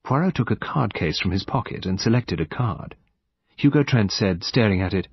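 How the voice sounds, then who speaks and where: Husky man narrating an audiobook. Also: fairly low pitch, lively intonation, normal speed, dry recording, dull audio.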